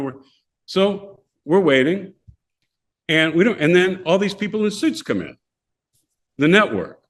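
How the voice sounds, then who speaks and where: An older man, a podcast guest, telling casual stories and acting out the voices of people in them. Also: on the high side. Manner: animated, acts out voices of people in his stories. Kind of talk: casual storytelling.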